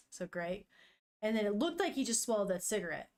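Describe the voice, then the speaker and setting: A woman's voice: medium pitch, big pitch swings, brisk, a little mellow. A young woman on a live stream, chatting casually with viewers while reading a manga aloud and swearing now and then. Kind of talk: casual live-stream chat and read-along.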